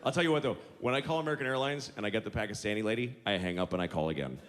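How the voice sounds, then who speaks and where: On a theater stage, a male stand-up comedian performs a profane, exasperated, mocking set before a loud, laughing crowd in a big hall. His voice is on the low side and racing, with a little hiss or hum in the recording.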